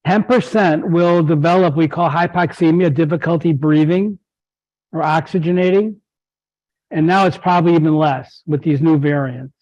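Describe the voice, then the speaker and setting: Middle-aged man, physician lecturing a club, fairly high mellow voice, wry asides, dull lo-fi recording. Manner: explanatory, wry asides, frequent restarts. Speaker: guest speaker physician.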